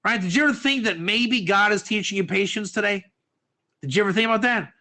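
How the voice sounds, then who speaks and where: Animated gravelly man teaching a class. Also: sits high, fast. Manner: animated, acts out quotes, asks audience questions. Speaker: Torah teacher. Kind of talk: lively classroom lecture.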